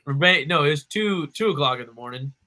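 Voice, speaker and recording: A young man, co-hosting a podcast and telling a story in a lively, animated way. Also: a little high, fairly quick, background noise. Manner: animated storyteller, acts out quoted voices. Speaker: podcast co-host. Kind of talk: casual storytelling chat.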